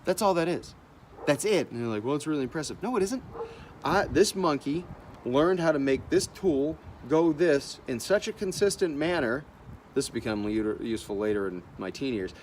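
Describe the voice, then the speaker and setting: An artist talking in a blunt, animated monologue, swearing freely as he gives his opinions. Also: a little high, moderate pace, a little hiss or hum. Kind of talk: casual profane monologue.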